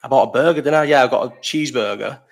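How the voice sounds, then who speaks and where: A young man talks very fast on his live chat stream, his voice sitting at an ordinary mid pitch. He rambles, swears casually, and cuts himself off mid-sentence to answer viewers before diving back into the story. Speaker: livestream host.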